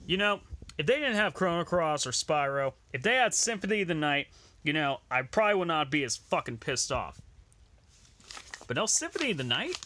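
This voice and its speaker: A man's voice: fairly high pitch, very animated, normal speed, bright, forceful tone. Angry swearing young man ranting. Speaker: gaming vlogger. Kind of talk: ranting reaction video.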